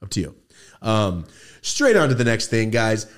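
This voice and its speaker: A young man co-hosting a casual podcast, ranting in an animated way and swearing freely. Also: fairly low pitch, normal speed. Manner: animated ranting, swearing, jumps into shouted impressions. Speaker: podcast co-host.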